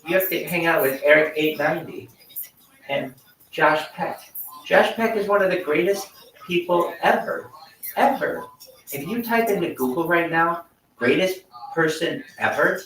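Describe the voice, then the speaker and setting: A young man rants on a livestream with over-the-top, profane, mock-grandiose hype. His voice sits a little high. He sounds set back from the mic in an echoey space. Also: measured pace, a bit bright, distant mic. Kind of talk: livestream commentary.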